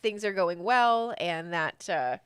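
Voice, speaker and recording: A woman's voice: lowish voice, expressive, slow pace, fairly bright tone, clean tone, no room sound. A woman narrating as game master in a casual, chatty way, with lots of fillers, on a close mic.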